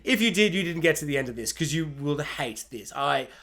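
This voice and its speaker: A man's voice: on the high side, expressive, brisk, vocal fry, a bit bright. A man reviewing a TV show in a sarcastic, exaggerated, rambling comic rant. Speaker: YouTube TV reviewer.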